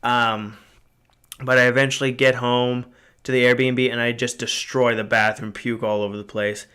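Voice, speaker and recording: A man's voice: mid-range voice, flat delivery, normal speed, bright, forceful tone, clean tone. A man in his twenties hosting a podcast, telling a story in a casual, rambling way, with frequent swearing, fillers and restarts. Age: 20s. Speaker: podcast host.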